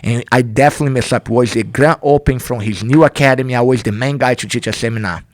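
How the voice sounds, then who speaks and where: A man's voice: medium pitch, fast, no echo. A middle-aged man with a Brazilian accent, a native Portuguese speaker, telling a candid personal story in a podcast conversation, earnest and emphatic. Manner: earnest, non-native grammar, emphatic repetition. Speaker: podcast guest, jiu-jitsu instructor.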